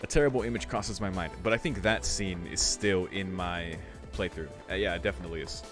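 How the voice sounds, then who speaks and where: A man reads a visual novel aloud for his let's play, mixing the narration with casual, sometimes profane reactions. His voice sits low, and faint game music plays underneath. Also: a little fast. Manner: casual, swears, breaks off to react.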